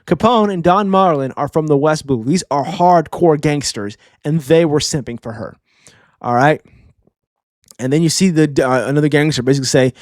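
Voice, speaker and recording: A man giving a casual, excitable manga review in slangy talk, constantly checking in with "all right?". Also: fairly high pitch, dry recording, clean studio sound. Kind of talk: casual reaction commentary.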